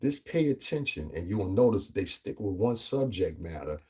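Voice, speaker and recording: A man's voice: low voice, very animated, moderate pace, husky. A man from the New York tri-state area with a New York-area accent, talking in a rambling, emphatic commentary vlog and often asking "you know what I'm saying". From US Northeast tri-state area. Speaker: vlogger.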